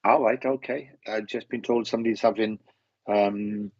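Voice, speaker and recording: Husky Welsh man with halting speech. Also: on the low side, steady tone, a little mellow, dry recording, dull audio. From Wales. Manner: halting, repeats words and restarts often. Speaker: medium giving live readings. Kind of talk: live-stream readings to viewers.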